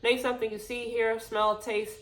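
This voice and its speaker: A woman's voice: on the high side, level tone, moderate pace, fairly bright tone. A woman giving a casual spiritual tarot reading, out of breath, reassuring and often correcting herself. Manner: reassuring, repeats okay, self-corrects often. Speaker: tarot reader.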